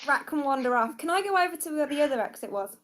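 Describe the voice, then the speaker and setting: A woman's voice: high voice, expressive, fast talker, fairly bright tone. A woman playing a tabletop role-playing game, chatty and giggly as she describes what her character does. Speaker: player.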